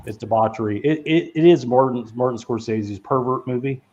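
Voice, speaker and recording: Brisk and medium-pitched with a darkish tone, this podcast host talks about films in a loose, casual way. He rambles, laughs, and curses without restraint, and the audio has a dull lo-fi quality.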